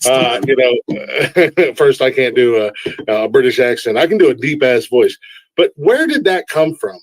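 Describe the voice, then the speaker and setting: A man hosting a casual live-stream interview, excitable and stammering through restarts, swearing freely. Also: medium pitch, a little slow, dry recording, rough recording. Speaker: host.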